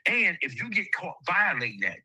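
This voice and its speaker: A man's voice: high-pitched, very animated, moderate pace, pushed and bright, breathy edge, no room sound, low-quality recording. A man in an interview clip, telling a story bluntly with heavy cursing. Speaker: interview guest.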